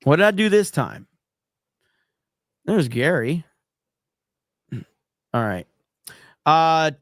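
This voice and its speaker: Man, livestream host, reads chat comments, joking, filler-heavy, slightly high voice, dry sound. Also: no echo. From USA.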